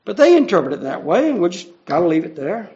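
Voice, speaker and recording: A man's voice: sits high, sing-song, quick pace, warm tone. A man preaching an earnest, conversational verse-by-verse Bible teaching, explaining each passage. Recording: dull lo-fi recording.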